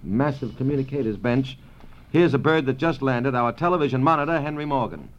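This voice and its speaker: A man's voice: mid-range voice, fairly quick. Genial male radio announcer, breezy intros, dull old broadcast sound, faint hiss behind. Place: radio studio.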